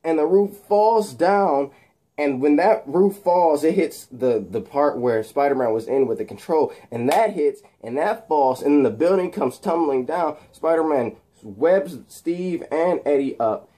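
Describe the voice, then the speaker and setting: A man's voice: on the high side, lively intonation, unhurried, mellow. A young man casually retelling a film scene in a rambling way, full of restarts. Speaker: video creator.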